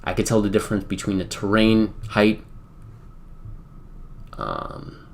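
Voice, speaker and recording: A man's voice: fairly low pitch, big pitch swings, measured pace, gravelly. An American man streaming a wargame, talking in a rambling, casual way with lots of fillers. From United States. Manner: rambling, filler-heavy, chatty. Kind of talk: casual live-stream commentary.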